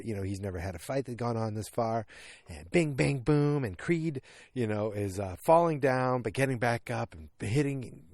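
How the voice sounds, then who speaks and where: A man in his early forties recapping a movie in casual podcast chat, animated and rambling, with lots of restarts and sound effects. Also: medium pitch, no room sound, studio quality. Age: 40s. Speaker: podcast host. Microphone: podcast microphone.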